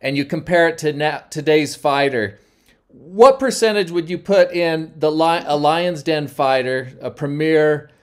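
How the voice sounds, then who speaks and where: A man hosting a podcast, asking questions in a halting way. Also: on the high side, smooth. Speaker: podcast host. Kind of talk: interview questions.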